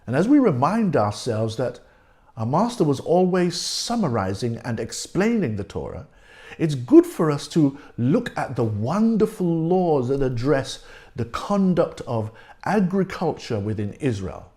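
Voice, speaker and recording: A man's voice: on the high side, sing-song, darkish tone. A male pastor preaching a sermon and reading scripture aloud, repeating key words for emphasis. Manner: reads scripture aloud slowly.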